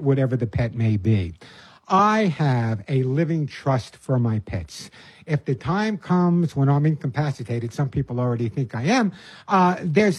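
A man's voice: mid-range voice, darkish tone, slightly rough, dry recording. An older man hosting a call-in radio show about pets, giving earnest, folksy advice and often repeating words as he starts a phrase. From New York. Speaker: radio pet advice host.

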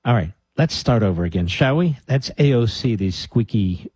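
A man's voice: lowish voice, lively intonation, normal speed, darkish tone, breathy edge, dry recording. A man hosting a talk radio show, sarcastic and combative, stopping clips to mock them.

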